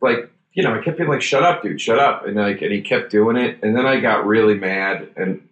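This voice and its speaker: A man's voice: fairly low pitch, brisk, lo-fi sound. Chatty man in a roomy echo. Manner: rambling storyteller, swears freely. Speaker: podcast host. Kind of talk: casual chat.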